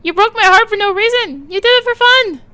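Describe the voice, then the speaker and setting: A woman's voice: very high-pitched, fairly quick, pushed and bright, no room sound. A woman voicing a hurt, bitter teenage girl who talks in a tearful, cutting way. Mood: heartbroken.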